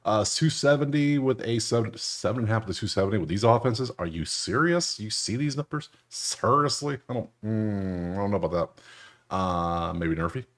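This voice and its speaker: A young man casually breaking down baseball betting picks over a screen share, slangy and joking, with loud incredulous outbursts. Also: on the low side, moderate pace. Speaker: sports betting analyst.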